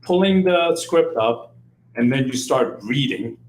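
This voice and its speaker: A man's voice: medium pitch, expressive, unhurried, reverberant, a little hiss or hum, poor audio. A man working as a sales agent who explains at length and often ends points with "right?". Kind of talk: team meeting discussion.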